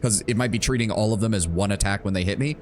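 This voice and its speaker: A man's voice: lowish voice, fast talker, a little hiss or hum. A man streaming a video game, chatting casually and wryly, swearing and thinking aloud about the game's rules. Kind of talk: casual let's-play commentary.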